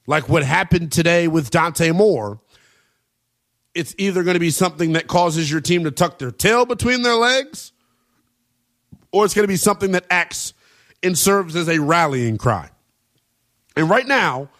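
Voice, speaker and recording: Energetic man hosting sports talk radio. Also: on the high side. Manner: energetic, brash, joking. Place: radio studio.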